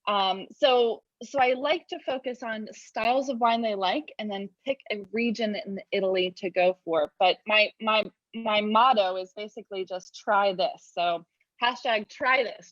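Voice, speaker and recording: A woman talks about wine with a chatty, upbeat storytelling flow at an average pitch for a woman. Her voice comes through a dull, slightly muffled line with a dry sound and no room echo. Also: a bit bright. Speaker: sommelier, guest. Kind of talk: casual video interview.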